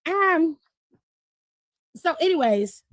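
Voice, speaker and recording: A woman with a high, bright voice hosts a casual live stream, recapping wrestling. She talks in an animated, profane way and laughs often. The sound is dry and close. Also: very slow, dry recording. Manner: animated, profane, laughing, reads chat aloud.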